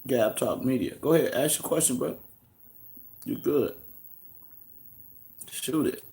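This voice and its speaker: A man's voice: mid-range voice, expressive, a little slow, gravelly, darkish tone. Laid-back American man hosting a live chat. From United States. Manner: loose and conversational, greets chatters by name, slangy asides. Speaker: livestream host answering viewer questions. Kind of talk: casual live-stream chat and teaching.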